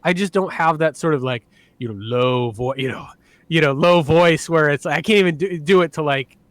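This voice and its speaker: A man's voice: a little high, moderate pace, no echo. A man co-hosting a casual podcast, enthusiastic and rambling with lots of fillers. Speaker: podcast co-host.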